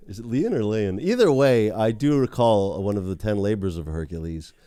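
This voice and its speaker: A man co-hosting a podcast, making dry deadpan jokes and dropping low for the punchlines. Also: moderate pace, no room sound. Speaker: podcast co-host. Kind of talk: casual chat.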